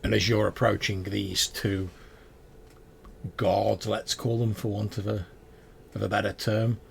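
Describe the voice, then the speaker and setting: A man's voice: fairly low pitch, flat delivery, measured pace, vocal fry, pauses often, a little hiss or hum. A man narrating a tabletop game as game master, with loose, rambling descriptions.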